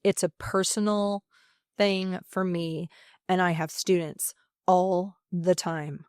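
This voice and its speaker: A woman who teaches high school theatre, speaking earnestly and emphatically in a podcast interview, with many fillers and pauses. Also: steady tone, a little mellow, dry recording, clean studio sound. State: emotional.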